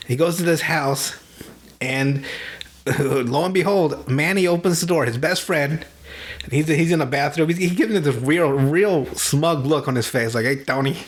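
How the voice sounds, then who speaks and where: Man, podcast host, casual chat, slightly raised pitch, cursing, laughing storyteller. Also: normal speed. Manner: profane, laughing, animated storytelling. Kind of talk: casual chat retelling movies.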